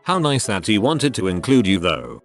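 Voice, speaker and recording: A man reading out anonymous online stories in a steady, scripted narration. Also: fairly low pitch, normal speed, over music.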